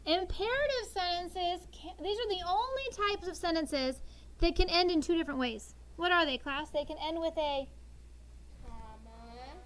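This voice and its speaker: A woman in her thirties teaches sixth grade with a spirited, coaxing style, prompting call-and-response from the kids. Her voice is extremely high, and she talks at a normal speed.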